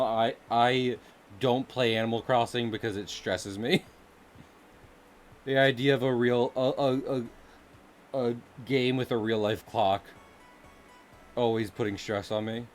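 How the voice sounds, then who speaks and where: A man streaming while he draws, chatting casually with viewers in a playful, joking way and laughing often. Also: mid-range voice. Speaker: live streamer and artist. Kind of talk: casual live-stream chat while drawing.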